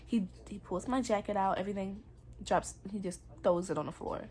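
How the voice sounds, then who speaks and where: A woman's voice: mid-range voice, brisk, mellow, a little hiss or hum. A young adult woman telling her own story in a personal vlog, candid and earnest, with casual slang. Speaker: vlogger.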